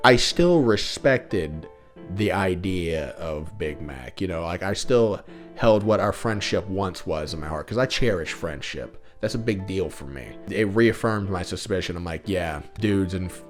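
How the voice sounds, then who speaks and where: A man telling a comedic story about his own life in a crude, profane, sardonic manner. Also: low-pitched.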